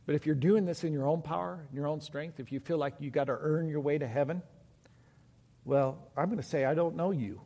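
A man's voice: a little high, fairly even intonation, fairly quick, mellow. A man preaching a sermon as pastor, earnest and building to impassioned pleading before leading a prayer. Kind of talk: sermon with altar call and prayer. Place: church sanctuary. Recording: long church reverb.

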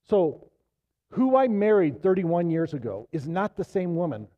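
Casual, high-voiced male pastor preaching. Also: sing-song, moderate pace, dull audio. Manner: casual, conversational preaching with slang like "dude"; swings from loud emphatic to low and quiet. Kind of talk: sermon.

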